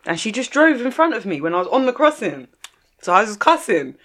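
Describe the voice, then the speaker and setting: A woman's voice: fairly high pitch, sing-song, fairly quick, fairly bright tone. A woman chatting casually as a podcast co-host, adding short replies and questions. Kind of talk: casual chat.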